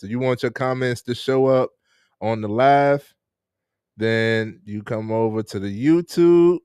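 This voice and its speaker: A man's voice: medium pitch, measured pace, darkish tone, smooth, no echo, clean studio sound. A man hosting a casual live-stream interview, laid-back and laughing often as he greets viewers. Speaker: host.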